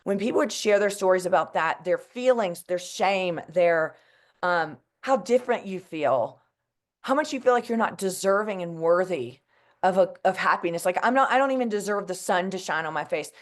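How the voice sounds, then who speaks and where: A woman's voice: fairly low pitch, lively intonation, normal speed. A woman, speaking earnestly and emotionally to an audience as a mental health advocate, with many fillers like "like" and "you know.". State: emotional, close to tears. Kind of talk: heartfelt personal talk to an audience.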